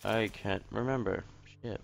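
Young male streamer, lowish gravelly voice, frustrated running commentary over game music. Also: fairly even intonation, a little slow. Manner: frustrated, swearing, talks to himself. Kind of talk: live gameplay commentary.

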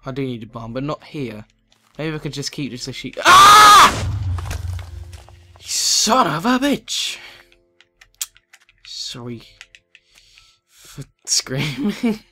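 A man giving excitable let's play commentary, chatting to the animals in the game. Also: mid-range voice.

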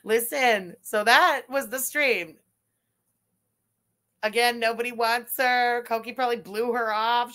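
A woman's voice: fairly high pitch, fairly bright tone. Brassy profane woman commentator. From Quebec. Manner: profane, mocking, laughs often. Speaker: YouTube commentator. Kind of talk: live reaction commentary.

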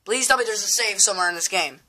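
A woman's voice: mid-range voice, fast talker, sharp tone. A woman giving casual, blunt gameplay commentary, swearing freely. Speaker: let's play gamer. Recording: game music behind the voice.

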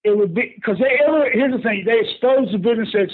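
An older man, a veteran wrestler telling stories in a folksy, animated way as a podcast guest. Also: very high voice, quick pace, husky. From Texas. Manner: animated, folksy, laughs often, calls people boss. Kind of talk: casual storytelling on a podcast. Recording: tinny phone line.

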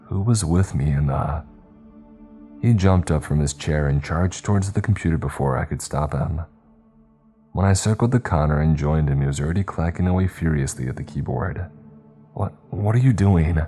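A man narrating a horror story in a measured, tense way. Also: extremely low pitch, warm tone. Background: faint background music.

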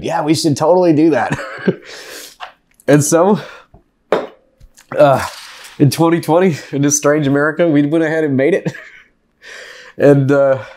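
A man's voice: medium pitch, darkish tone. Joking man rambling to camera. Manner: joking, rambling, laughs often. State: after eating a very hot chip. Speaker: vlogger reviewing food and drinks. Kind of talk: casual chat to camera. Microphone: desk mic.

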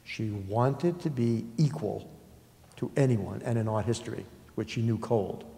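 An older man with a New York accent, an art dealer telling anecdotes in a halting, conversational way with many pauses. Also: medium pitch, vocal fry, mellow. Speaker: art dealer in public talk. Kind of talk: conversational storytelling talk. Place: lecture hall. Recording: reverberant hall.

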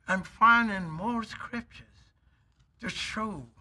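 A man preaching a sermon as an elder, emphatic and drawn out, with sudden loud bursts. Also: sits high, slow pace.

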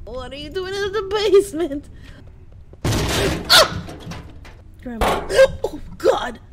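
A woman's voice: extremely high pitch, lively intonation, measured pace, noisy background. A young woman streaming a horror game, reacting with jumpy shrieks, swearing and teasing banter. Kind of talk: casual live gameplay commentary.

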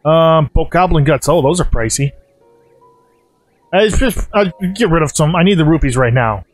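Man, high voice, let's play commentary, rambling, excitable, swearing, dry close mic. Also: moderate pace, dry recording, soft background music. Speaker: gaming channel host.

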